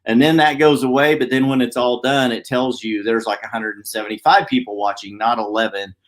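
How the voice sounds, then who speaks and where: Man host, quick chatty motivational live-stream talk, mid-pitched, office setting. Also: steady tone. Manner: fast-talking, upbeat, chatty. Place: downtown office.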